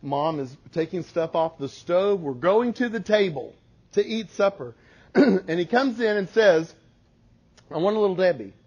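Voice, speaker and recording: A man giving a parenting talk, telling family stories with animated humor. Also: high voice, measured pace, muffled recording. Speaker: parenting speaker. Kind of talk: storytelling talk to an audience.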